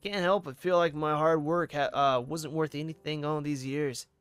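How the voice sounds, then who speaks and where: A man's voice: fairly even intonation, moderate pace, smooth, faint music behind, lightly acted. A man reading a weary, bitter woman detective. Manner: low, weary and resentful.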